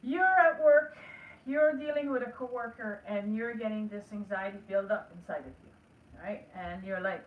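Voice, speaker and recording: This energy work teacher speaks at a moderate pace in a fairly high voice, captured with lo-fi sound and a little hiss or hum. The room is echoey and she sounds distant. Her spiritual lesson is earnest and coaching, and she voices the inner dialogue listeners should hold with themselves.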